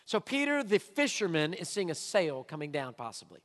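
A man with a high voice preaches a sermon in a church hall, his words trailing off into a long reverb. He drives his points emphatically, dropping low and quiet before rising to loud, near-shouted lines. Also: very animated, moderate pace. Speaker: pastor.

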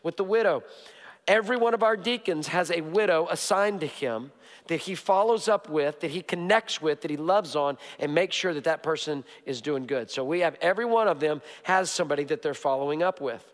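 A man with a voice on the high side preaches briskly in a church sanctuary, emphatic and repetitive in hammering his points, with humorous asides along the way. The sound carries a long hall reverb.

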